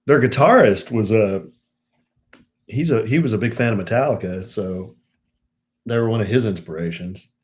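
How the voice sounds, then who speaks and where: A man's voice: moderate pace, long pauses, a little mellow. A middle-aged man hosting a casual live stream from home, chatting with viewers and ranting in exasperation. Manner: chatty, turns exasperated and high-pitched when ranting.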